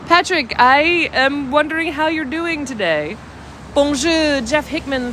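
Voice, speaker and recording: A woman with a high, sing-song voice speaks slowly in a bright, forceful tone over a faint hiss or hum. She's a bubbly travel livestream host on a walking tour down a village street, chatting with viewers' comments and sounding a bit sniffly from a cold.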